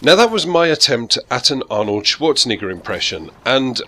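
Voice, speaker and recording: A man's voice: medium pitch, sing-song, moderate pace, pushed and bright. A gaming YouTuber chatting casually to his viewers in a rambling, self-deprecating way. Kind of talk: casual talk to camera.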